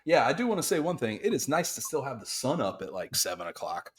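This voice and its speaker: A man trading easy banter on a podcast, laughing often and swearing casually. His pitch swings widely as he tells stories. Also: sing-song, fast talker, husky. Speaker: podcast co-host.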